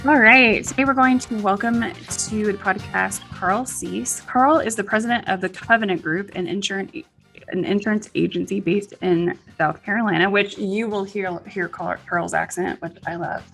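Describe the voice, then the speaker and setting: A woman's voice: medium pitch, steady tone, moderate pace, vocal fry, fairly bright tone. Woman host, casual podcast talk, upbeat and chatty, light music behind. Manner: chatty, upbeat, many fillers.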